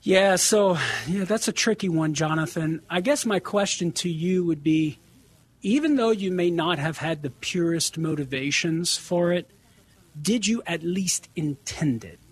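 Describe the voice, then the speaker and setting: Husky earnest man giving advice. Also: high-pitched, measured pace. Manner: earnest, explanatory, acts out quoted dialogue. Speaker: guest apologist answering callers. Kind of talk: call-in radio advice.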